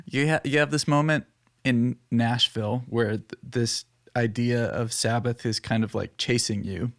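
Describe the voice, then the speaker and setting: A man's voice: medium pitch, steady tone, normal speed, creaky. A man co-hosting a podcast, talking casually and reflectively and asking follow-up questions. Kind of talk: casual conversation.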